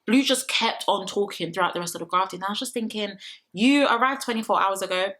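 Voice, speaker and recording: A woman's voice: medium pitch, quick pace, a bit bright. A young woman chatting through a reality show recap, opinionated and sassy, mocking the people she quotes.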